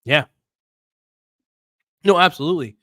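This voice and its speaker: A man's voice: on the high side, animated, unhurried, fairly bright tone, no echo, clean studio sound. A man hosting a casual livestream, talking bluntly with slang and swearing, reading viewer comments aloud and rambling through restarts. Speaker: livestream host.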